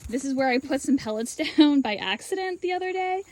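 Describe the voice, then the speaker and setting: A woman sheep farmer filming a casual vlog outdoors in her pen on a handheld camera, chatting and coaxing her animals in a high sing-song. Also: animated, fairly quick, noisy background. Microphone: handheld camera while working.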